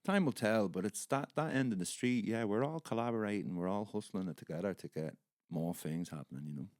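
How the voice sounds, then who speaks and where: A man's voice: on the low side, lively intonation, a little fast, a little mellow, no echo, studio quality. A middle-aged Irish man chatting as a podcast guest, laughing easily and swearing. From Ireland. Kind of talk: casual chat.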